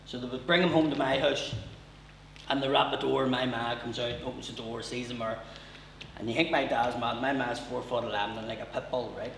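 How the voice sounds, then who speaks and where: Gravelly stand-up comic. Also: male voice, mid-range voice, steady tone, fairly quick, fairly bright tone, a little hiss or hum. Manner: storytelling, swearing, conversational. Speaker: comedian. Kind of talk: stand-up comedy. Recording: echoey room heard from far off.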